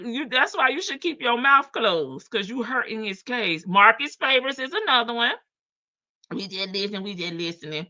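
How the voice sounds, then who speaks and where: A woman's voice: medium pitch, bright, forceful tone. Laughing woman live-streaming to her chat. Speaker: livestream host. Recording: dull lo-fi stream audio.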